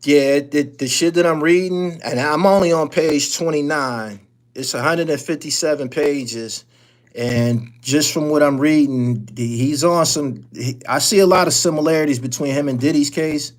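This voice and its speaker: A man's voice: fairly high pitch, moderate pace. A man hosting a live-stream call-in show, talking bluntly and profanely in a loose, rambling way with frequent restarts.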